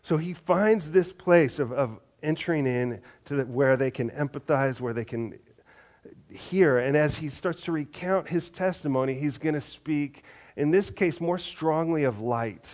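A man's voice: on the high side, measured pace, a little mellow. A man reading scripture aloud and then preaching in a conversational way, often restarting his words. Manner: conversational, with frequent repeated restarts.

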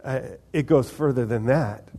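A man's voice: mid-range voice, normal speed, dark tone, breathy edge. A man preaching a conversational sermon, asking the congregation questions and acting out little dialogues. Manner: conversational, asks the audience questions, acts out voices of God and people. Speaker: pastor.

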